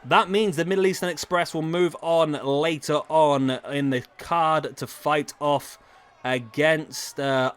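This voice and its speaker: This medium-pitched male streamer, in his thirties, talks easily to his chat as he plays a wrestling game live. There's slight background noise behind him.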